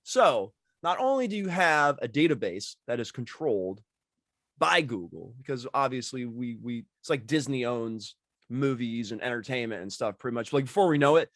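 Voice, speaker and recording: A man with a lively, up-and-down voice rambles through his points as a podcast guest. He packs his speech with filler words, and the sound is dry and close. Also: mid-range voice, normal speed, dry recording. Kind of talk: casual podcast chat.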